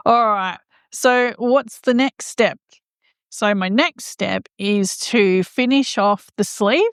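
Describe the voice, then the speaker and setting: A woman's voice: medium pitch, clean tone, no echo, studio quality. A woman crochet vlogger chatting casually as she explains each step of her project. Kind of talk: casual how-to narration.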